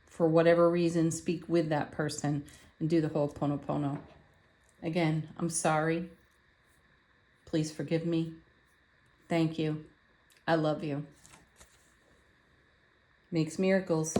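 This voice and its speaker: Gentle low-voiced woman reading cards. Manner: gentle, affirming, with soft laughs. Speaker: tarot card reader. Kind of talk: spiritual card reading.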